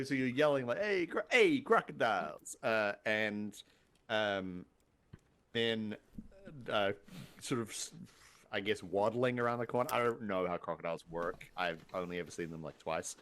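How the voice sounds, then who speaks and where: A man's voice: on the low side, a little slow, fairly bright tone, clean tone. Hesitant game master man. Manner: hesitant, many fillers, laughing. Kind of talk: narrating a tabletop game.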